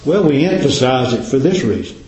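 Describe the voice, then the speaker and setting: A man's voice: mid-range voice, big pitch swings, a little fast, a little mellow. A man preaching a sermon in a folksy, dramatic cadence, full of rhetorical questions. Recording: very echoey room.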